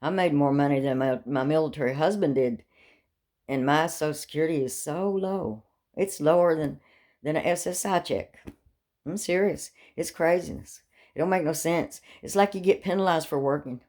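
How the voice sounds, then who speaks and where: A woman's voice: deep voice, moderate pace, darkish tone. Rambling, darkly joking woman storyteller. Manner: talkative, darkly joking, laughs often. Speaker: vlogger telling life stories.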